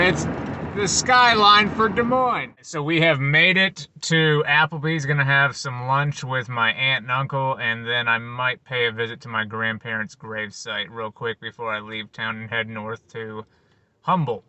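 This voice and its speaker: A man's voice: medium pitch, sharp tone. A man from Iowa, a radio host, giving chatty, wry running commentary in a vlog while riding in a car. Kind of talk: casual travel vlog narration. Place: inside a moving car. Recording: road and car noise. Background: car and traffic noise.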